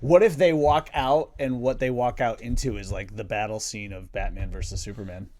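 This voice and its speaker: A man's voice: fairly low pitch, steady tone, moderate pace, darkish tone. A man co-hosting a casual movie chat podcast, laid-back with dry joking asides. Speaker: podcast co-host.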